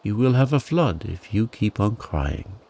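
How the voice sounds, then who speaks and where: A man's voice: lowish voice, lively intonation, measured pace, warm tone. A man voicing a fussy, earnest male talking frog in a storybook tale. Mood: alarmed.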